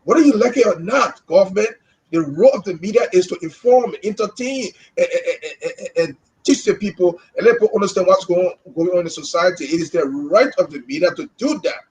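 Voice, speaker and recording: Impassioned Liberian man, high voice. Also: lively intonation, brisk, a little mellow, low-quality recording. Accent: Liberian English. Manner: impassioned, repeats words when stirred. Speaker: co-host. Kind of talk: live podcast discussion.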